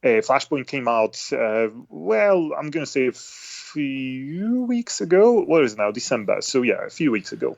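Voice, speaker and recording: A man's voice: mid-range voice, big pitch swings, normal speed, vocal fry, few pauses, no echo, highs cut off. A man co-hosting a gaming podcast, chatting casually with a teasing, hesitant manner. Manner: teasing, hesitant, with many uhs. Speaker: podcast co-host. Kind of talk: casual chat.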